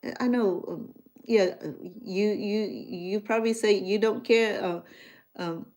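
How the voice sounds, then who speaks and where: Her voice is medium-pitched and a little slow: a middle-aged Cambodian-accented chef and vlogger from Cambodia, casually chatting as she spins animated stories for viewers, playing out the dialogue and restarting often.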